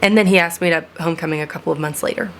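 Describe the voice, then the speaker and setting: A young woman speaks straight to her viewers in a reflective, earnest vlog, now and then dropping a sarcastic aside. Her voice sits low for a woman. A faint hum of room noise runs under her. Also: steady tone, very fast, a bit bright. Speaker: vlogger. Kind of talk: personal vlog monologue.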